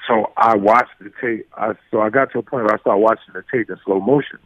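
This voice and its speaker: A man's voice: fairly low pitch, a little fast, no room sound. New man telling stories down a tinny line. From New York. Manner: animated, acts out quoted exchanges, many fillers and restarts. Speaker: guest. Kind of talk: casual storytelling. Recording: tinny phone-like line, dry.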